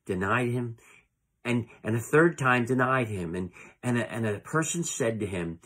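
A middle-aged man preaching a sermon as a pastor, earnest and halting, often repeating words as he goes. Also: medium pitch, animated, a bit bright, breathy edge. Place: church sanctuary.

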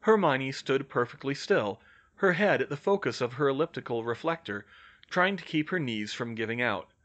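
A man narrating a fan fiction audiobook in an expressive reading style. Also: mid-range voice, moderate pace, dull audio. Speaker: reader.

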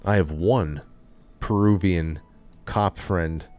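Man, podcast host, casual chat, rambling, lowish pitch. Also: slow, darkish tone, soft background music. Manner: rambling, with frequent restarts and trailing off.

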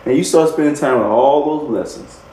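A man's voice: medium pitch, moderate pace, warm tone, a little hiss or hum. A man minister preaching a sermon with emphasis, repeating key phrases and chuckling between points. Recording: echoey room.

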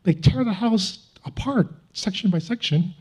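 A man's voice: high voice, animated, measured pace, darkish tone, slightly rough. A man preaching a sermon as a pastor, telling a personal testimony in an earnest, confessional way with self-mocking chuckles.

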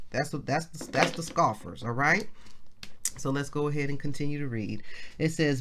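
A woman minister gives an informal devotional Bible lesson in a chatty, everyday way. She reads the scripture slowly and circles back over its key phrases to explain them. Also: low voice, a bit bright. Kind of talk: casual devotional Bible teaching.

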